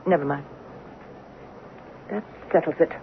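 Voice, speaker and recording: A woman's voice: low voice, unhurried. An actress playing a teasing French wife in her fifties with a French accent, once a wartime resistance fighter, in 1970s radio drama acting. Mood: urgent. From France. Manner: teasing, affectionate. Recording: tinny hissy old radio broadcast.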